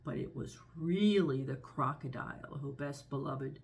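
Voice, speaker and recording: A woman reading a children's story aloud with expressive, gentle storybook narration. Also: very deep voice, a little slow, creaky.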